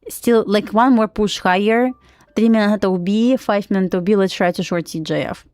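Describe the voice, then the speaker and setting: A woman with a Russian accent chatting casually on a live trading stream, full of "like" fillers and quick laughs. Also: medium pitch, fairly even intonation, a little mellow, no room sound. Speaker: live-streaming day trader.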